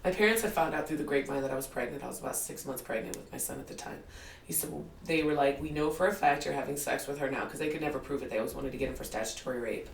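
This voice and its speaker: A woman in her forties tells her life story as a podcast guest in a casual interview, animated, laughing often, and acting out what people said. Her voice is very deep and gravelly and she talks very fast. The mic is distant in a roomy space, with slight background noise.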